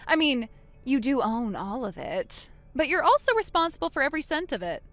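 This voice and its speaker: A woman voicing a wronged older sister in a text-message story, speaking low, subdued and cold. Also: big pitch swings, a little fast, fairly bright tone, soft background music, exaggerated voice. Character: wronged older sister, quiet and bitterly calm.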